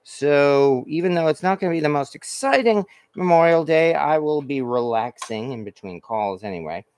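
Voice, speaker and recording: This man's voice is a little high and darkish in tone, expressive, and moves at a normal speed. He's hosting a home cooking stream, cooking at the stove while reading comments from viewers and chatting casually. He rambles, uses many fillers, and restarts and corrects himself often.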